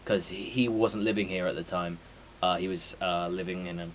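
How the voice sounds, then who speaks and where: A man's voice: sits low, fairly even intonation, normal speed, a little hiss or hum, rough recording. A man, streaming a game and chatting casually in a rambling, sweary way full of fillers. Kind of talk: casual chat before a stream.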